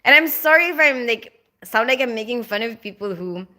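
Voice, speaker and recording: A woman's voice: fairly high pitch, animated, a little fast, bright, forceful tone. A woman hosting a casual live stream from home, chatting with viewers in a rambling way, with plenty of laughter and filler words. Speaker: livestream host reading viewer chat.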